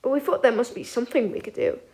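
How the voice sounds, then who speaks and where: A woman voicing a calm, measured teenage schoolboy who steadies his friends. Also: a little high, natural voice. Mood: earnest. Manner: measured, tempering.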